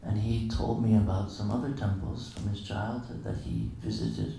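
A man's voice: on the low side, fairly even intonation, moderate pace, creaky, mellow, a little hiss or hum. A man giving a casual, anecdotal morning lecture at a temple, acting out the dialogue of his stories with chuckles. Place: temple hall. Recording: very echoey hall, distant mic.

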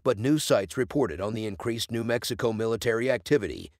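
A man's text-to-speech voice giving scripted narration of a story in a steady, even reading. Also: on the low side, fairly quick, no echo, studio quality.

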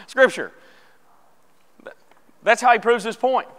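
A man's voice: extremely high pitch, very slow, fairly bright tone. A man teaching a church Bible class. He reads scripture aloud and chats casually with the class, asking them questions. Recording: long church hall reverb.

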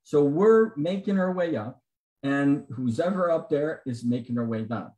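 A man's voice: fairly high pitch, a little slow, a little mellow, roomy sound, poor audio. A man telling his personal testimony to a Bible study group on a video call. He acts out the dialogue of the people in his story. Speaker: guest giving a testimony at a men's Bible study. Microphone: computer mic on a video call.

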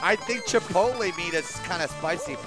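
A man chatting casually while he streams a video game, telling stories in an animated, profane way. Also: high voice, moderate pace. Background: game music.

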